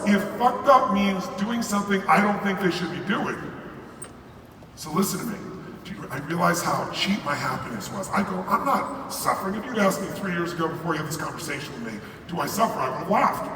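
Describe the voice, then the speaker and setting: A man's voice: high voice, bright, forceful tone, slight background noise. An older man giving a live motivational keynote, emphatic and profane, firing questions at the audience. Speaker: motivational speaker. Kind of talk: live stage keynote to a crowd. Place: large arena. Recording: echoey arena sound from far off.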